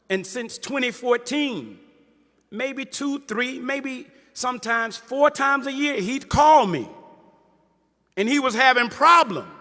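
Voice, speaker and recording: In a large, reverberant hall with a faint crowd, a middle-aged male minister preaches passionately to his congregation. His voice is very high-pitched, bright, and forceful, and he adds call-and-response asides.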